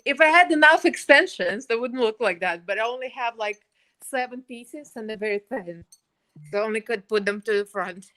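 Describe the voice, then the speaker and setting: A woman with a high, bright voice hosts a relaxed makeup livestream. She chats easily with her viewers and breaks into laughter often. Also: normal speed, low-quality recording. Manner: chatty, laughs often, coos baby talk to her pet. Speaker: beauty livestream host. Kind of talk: casual livestream chat.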